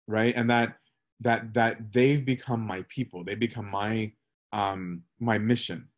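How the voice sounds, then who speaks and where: A man teaching a Bible study in a conversational way, often checking in with "right?" and pausing with fillers. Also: mid-range voice. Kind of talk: casual Bible lesson.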